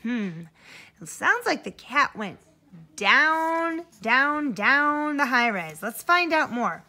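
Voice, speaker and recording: A woman teacher reading a children's book aloud in an animated way, stopping to ask her listeners questions. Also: sits high, slow pace.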